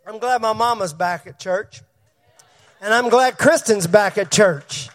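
A pastor preaches a sermon in church in a very high-pitched voice, at a measured pace. As he goes, he asks the congregation questions and calls on people by name.

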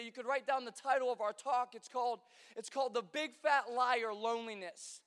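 A man preaching an animated sermon as pastor, acting out voices in the quotes he tells. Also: very high voice, in a large hall.

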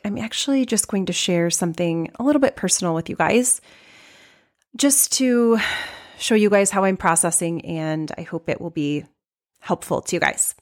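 A middle-aged woman hosting a life coaching podcast, talking openly and reflectively about feeling sad, with frequent restarts and soft pauses. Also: medium pitch. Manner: open, reflective, with many restarts and soft laughs. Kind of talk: personal podcast monologue.

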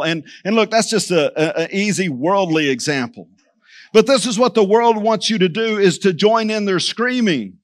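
A pastor preaches to his church, and his voice sits high for a man. He drives his points home with repetition, turning again and again to the people in front of him. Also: fairly bright tone. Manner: preaching with emphatic repetition, addressing the church directly. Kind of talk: sermon.

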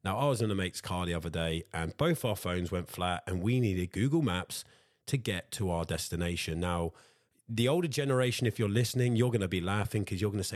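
A very low-pitched man chatting away on his own podcast, talkative and casual, often calling his listeners guys. His voice is close and dry, with no room sound around it. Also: animated, a little fast, dry recording. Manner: talkative, addresses listeners as guys, repeats himself. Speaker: podcast host. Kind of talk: solo motivational podcast chat.

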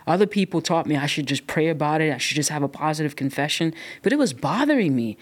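A woman's voice: deep voice, expressive, quick pace. A woman guest on a podcast, talking with passion and emphasis as she shares her faith story. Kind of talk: casual podcast conversation.

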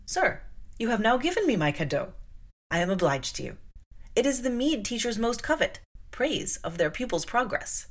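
A woman reading the lines of a reserved young governess in a polite, measured, formal way, in an audiobook. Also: fairly high pitch, big pitch swings, voice pushed up. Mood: composed.

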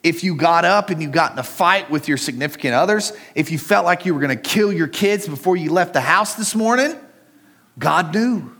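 A man's voice: fairly high pitch, expressive, normal speed, fairly bright tone. A middle-aged man preaching a sermon in a conversational way, telling a personal story and speaking straight to the congregation. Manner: conversational, personal storytelling, addresses listeners directly. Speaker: pastor.

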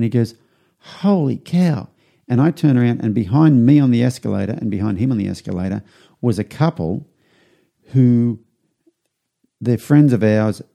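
A middle-aged man hosting a podcast, telling a rambling anecdote and acting out what people said in a higher voice. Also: fairly quick, creaky, mellow. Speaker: podcast host. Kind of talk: casual storytelling.

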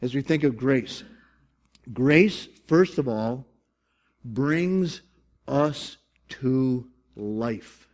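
A man preaching a sermon to his congregation, animated, with emphatic bursts and jokey asides. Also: mid-range voice, extremely slow, long pauses. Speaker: pastor.

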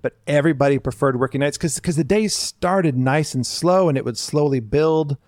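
A middle-aged man co-hosting a podcast, telling animated stories in casual chat and acting out the people he quotes. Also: fairly high pitch, normal speed, dry recording. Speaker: podcast co-host.

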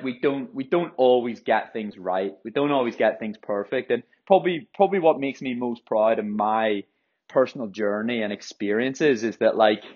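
Fired-up young man swearing through a podcast. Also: lowish voice. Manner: fired-up, swears often, rambling restarts. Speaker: podcast host, runner. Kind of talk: casual solo podcast monologue. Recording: dull lo-fi audio.

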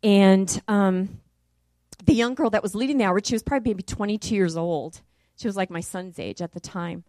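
A woman's voice: normal speed, no room sound, studio quality. Middle-aged woman preaching with rising fervor. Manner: animated, rising loud and high in the story. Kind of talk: sermon with testimony.

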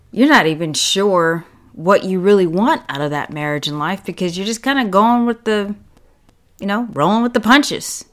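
A woman speaking to her viewers in a slow, unhurried monologue at a middling pitch. She is blunt and openly sarcastic. She leans hard on key words and lets pauses hang. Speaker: relationship and self-care vlogger. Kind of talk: casual direct-to-camera monologue.

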